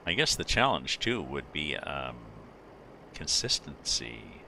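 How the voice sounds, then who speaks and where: A man's voice: extremely low pitch, big pitch swings, takes it slowly, gravelly, bright, forceful tone. A middle-aged man streaming a driving game, chatting casually with his viewers and rambling as he thinks aloud with lots of fillers. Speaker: livestreamer playing a driving game. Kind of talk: casual chat with live viewers. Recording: game vehicle noise underneath. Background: truck engine and road sounds from the game.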